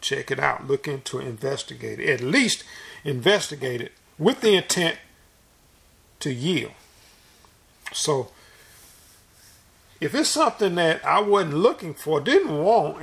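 A man's voice: a little high, gravelly, a bit bright. A man preaching a sermon in an earnest, folksy, repetitive way, restarting his phrases often.

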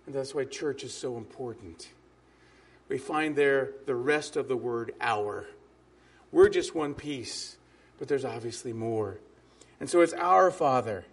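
A man preaching a sermon as a pastor, emphatic, with drops to soft asides. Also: medium pitch, measured pace, breathy edge.

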